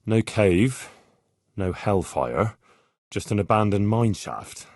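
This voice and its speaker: An actor playing an earnest, dutiful young squire in a medieval game, speaking plainly and deferentially in recorded dialogue lines. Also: male voice, on the low side, expressive, slow, a little mellow, no echo, clean studio sound, heavily acted. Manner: plain, sincere and deferential, with many lines read twice. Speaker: player character in a game. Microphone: close studio mic.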